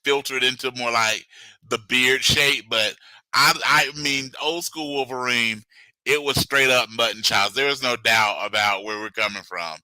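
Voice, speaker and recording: Middle-aged male co-host, jokey riffer, very bright voice. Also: mid-range voice, dry recording, rough recording. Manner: jokey, riffing, quick asides. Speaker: podcast co-host. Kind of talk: casual chat.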